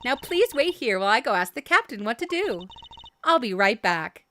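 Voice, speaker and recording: A woman's voice: fairly high pitch, big pitch swings, normal speed, sharp tone, slight background noise. A woman voicing a polite, proper female flight attendant in a formal, courteous way.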